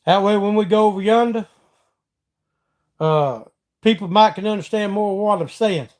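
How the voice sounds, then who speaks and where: With a high voice at a moderate pace, a middle-aged Southern-accented man from Georgia hosts a casual live stream. He's folksy and chatty, reading viewers' comments aloud and answering them.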